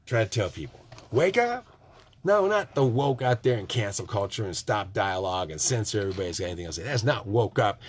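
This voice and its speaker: Husky, nasal Michigan man, a tiny house builder preaching to camera in an emphatic monologue that drops into hushed asides. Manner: emphatic and preachy, swinging from loud outbursts to low, hushed asides. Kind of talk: ranting monologue to viewers.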